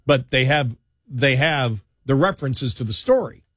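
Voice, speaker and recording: A man's voice: mid-range voice, lively intonation, moderate pace, fairly bright tone, slightly rough, no echo, clean studio sound. A man hosting a talk radio show, chatting casually and rambling with frequent restarts and fillers.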